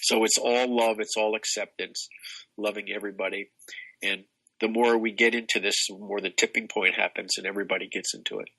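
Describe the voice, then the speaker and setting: A man's voice: lowish voice, level tone, brisk, creaky, bright, forceful tone, husky, rough recording. An older man talking as a spiritual teacher guest in an expansive, rambling way, with many restarts. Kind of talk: casual spiritual conversation.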